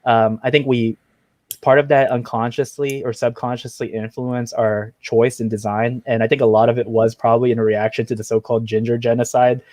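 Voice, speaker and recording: Relaxed man musing with many fillers. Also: medium pitch, fairly quick, no echo. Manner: laid-back, filler-heavy musing. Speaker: comic artist guest. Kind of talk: casual group chat.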